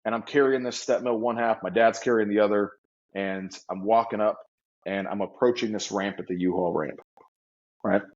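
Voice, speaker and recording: A man telling a story as an interview guest, animated and vivid, acting out the people he quotes. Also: lowish voice, moderate pace. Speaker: guest entrepreneur. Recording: slightly dull lo-fi audio.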